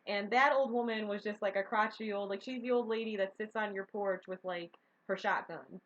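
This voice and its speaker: A woman's voice: medium pitch, steady tone, fairly quick. Chatty woman co-host, laughs a lot, muffled stream sound. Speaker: co-owner of a role-playing stream. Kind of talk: casual chat. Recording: dull lo-fi stream audio.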